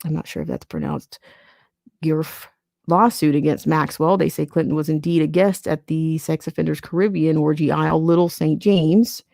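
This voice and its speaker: A woman's voice: sits low, steady tone, brisk, vocal fry, hardly any pauses, warm tone, no echo, clean studio sound. A woman hosting a podcast, reading a news article aloud and breaking in with sarcastic asides. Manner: sarcastic asides between read quotes. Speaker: podcast host.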